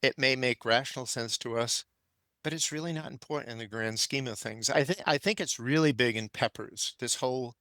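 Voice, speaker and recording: A man's voice: mid-range voice, a little fast, pushed and bright, no echo. An older man, a gardening expert and guest on a podcast, talking thoughtfully and with firm opinions. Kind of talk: casual conversation.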